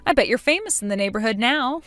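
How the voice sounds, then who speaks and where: A woman voicing a sharp-tongued young mother in a dramatized story, talking coldly, mocking and accusing. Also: fairly high pitch, expressive, quick pace, no room sound, faint music behind.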